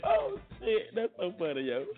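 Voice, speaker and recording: A man hosting a casual morning talk show, talking in laid-back slang and laughing loudly. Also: sits high, wildly swooping pitch, normal speed, faint music behind. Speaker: host. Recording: tinny phone-like audio.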